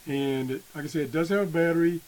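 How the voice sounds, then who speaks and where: A man slowly demonstrating an old radio, halting often and clearing his throat, his voice worn from being sick. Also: fairly high pitch, darkish tone, slight background noise, low-quality recording. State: losing his voice after illness. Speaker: radio hobbyist video host. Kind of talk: casual show-and-tell demo.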